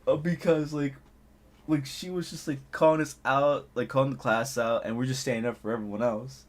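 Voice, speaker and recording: Young guy telling a storytime, lots of likes and laughs, mid-pitched voice. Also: fairly even intonation, fairly quick. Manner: loose, laughing, filler-heavy storytelling. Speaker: channel host. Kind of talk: casual storytime anecdote.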